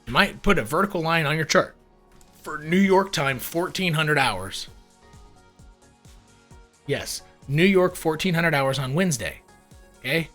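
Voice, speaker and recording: A man giving casual screen-share commentary on crypto charts, animated and wry, with mock-panicked asides and casual swearing. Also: on the high side, unhurried, pauses often, soft background music.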